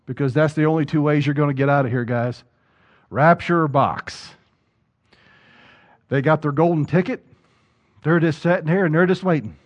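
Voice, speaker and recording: A man's voice: a little high, normal speed, pauses often, lo-fi sound. A male pastor preaching a sermon, putting rhetorical questions to the congregation and repeating words as he drives a point home.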